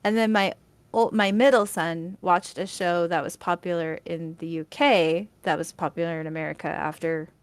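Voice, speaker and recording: A woman's voice: lowish voice, fairly even intonation, no room sound. A woman in her thirties co-hosting a live stream in casual, self-deprecating chat. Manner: chatty, self-deprecating, quick to laugh. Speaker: co-host.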